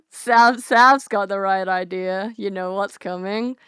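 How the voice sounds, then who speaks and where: A young woman VTuber speaks at a slow pace in a medium-pitched voice that's smooth, pushed, and bright, with lively intonation. She giggles frequently while chatting bubbly and casually directly to her stream's audience, in clean studio sound without room sound.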